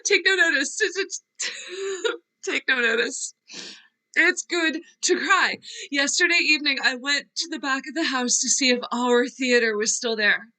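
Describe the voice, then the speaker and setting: A tearful, restless young actress, as a woman reads her in a virtual read-through. Her bright, high-ish voice moves slowly and wavers, drifting off mid-thought. A wistful, fragile figure. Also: low-quality recording. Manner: wavering, laughing through tears, trailing off. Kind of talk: virtual play reading. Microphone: video call.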